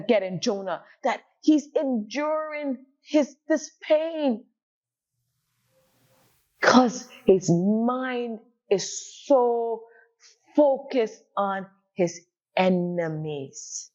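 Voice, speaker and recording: A woman with a fairly high voice teaching from scripture at a slow, deliberate pace. She leans into each phrase and voices the people of the story as she goes. The recording sounds a little dull and lo-fi. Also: darkish tone. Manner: slow, emphatic, acts out dialogue. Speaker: Bible teacher. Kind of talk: Bible study teaching.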